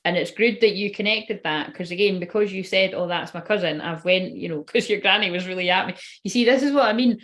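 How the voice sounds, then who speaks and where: A woman's voice: medium pitch, a bit bright. Chatty woman doing readings. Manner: chatty, rambling, swears casually. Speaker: tarot reader and medium. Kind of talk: casual live-stream reading.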